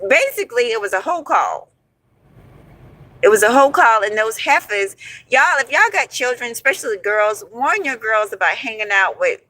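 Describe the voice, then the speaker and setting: A woman in her forties tells a story from her past, animated and profane, calling listeners honey and y'all. Her voice is bright and forceful, recorded close and dry with no room sound. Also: mid-range voice, no echo, rough recording. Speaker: storyteller host. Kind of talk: casual storytelling.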